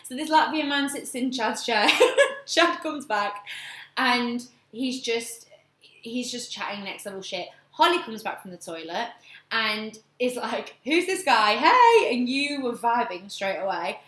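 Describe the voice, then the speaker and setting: A young woman casually telling a story on a chat show, animated and laughing often. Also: fairly high pitch, measured pace. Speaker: podcast co-host. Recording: echoey room.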